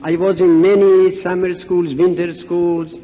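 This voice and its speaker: High-voiced Persian-accented man telling anecdotes. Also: little pitch movement, a little slow. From Iran. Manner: humorous storyteller acting out dialogue. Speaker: conference speaker. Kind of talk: anecdotal religious talk. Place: large conference hall. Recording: dull echoey hall recording, faint hiss.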